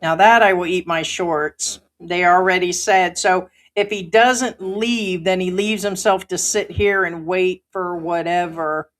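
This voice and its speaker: A woman's voice: lowish voice, fairly even intonation, unhurried, few pauses. A woman hosting a livestream who reads viewer comments aloud and answers them in an emphatic, indignant way. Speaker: livestream host. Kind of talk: live chat commentary.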